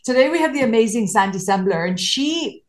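A woman's voice: fairly high pitch, animated, brisk. A woman hosting an interview show, chatting in an effusive, casual way. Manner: effusive, calls guest "babe". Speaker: podcast host.

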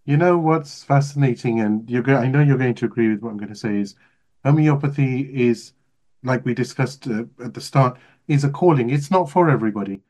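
A man's voice: medium pitch, a little fast, dark tone. A man hosting an interview, effusive, asking rhetorical questions and repeating his points for emphasis. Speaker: podcast host. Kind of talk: interview conversation.

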